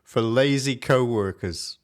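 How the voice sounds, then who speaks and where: A man's voice: medium pitch, takes it slowly. A man from England co-hosting a casual live-streamed chat, joking and laughing often. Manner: jokey, laughs often, lively delivery. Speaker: podcast co-host.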